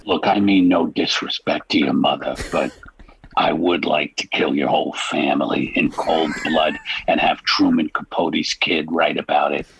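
A man's voice: very deep voice, fairly even intonation, normal speed, a bit bright, rough recording. A man doing a crude, menacing mock-mobster insult routine on prank calls. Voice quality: gravelly, husky. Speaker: comedian prank-calling strangers. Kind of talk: comic insult tirade.

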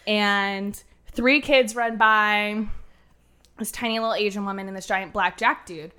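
A woman in her thirties from Ohio, telling a story as a guest, animated and laughing, with casual cursing. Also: medium pitch, measured pace, clear, resonant tone. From Ohio, USA.

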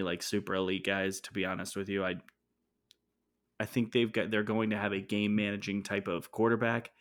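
A man co-hosting a podcast, giving blunt, opinionated takes in casual sports chat. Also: on the low side. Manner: blunt, opinionated, quick interjections. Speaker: podcast co-host.

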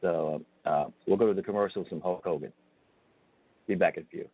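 A laid-back male radio host talks in a relaxed, rambling way with a lowish voice. The sound is dry and close, squeezed into a narrow phone-like band. He lingers on fillers before getting to the point. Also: a little fast, slightly rough, dry recording. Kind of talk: casual radio talk. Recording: tinny phone-like radio audio.

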